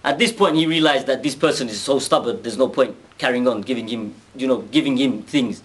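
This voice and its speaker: A man casually retelling a story, animated, acting out quoted speech and often restarting his sentences. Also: mid-range voice, brisk, few pauses.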